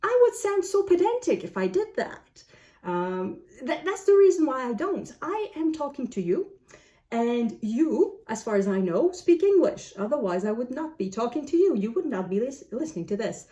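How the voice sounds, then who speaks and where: A woman's voice: sits high, big pitch swings, moderate pace, warm tone. A woman whose first language is French, talking to camera as a book vlogger, musing aloud and asking herself questions. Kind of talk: casual talk to camera.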